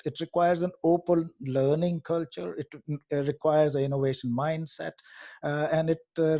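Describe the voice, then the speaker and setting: A man's voice: fairly high pitch, warm tone, highs cut off. A man, head of an AI hub, giving a presentation in an earnest lecturing way with frequent hesitations. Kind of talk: presentation to an audience.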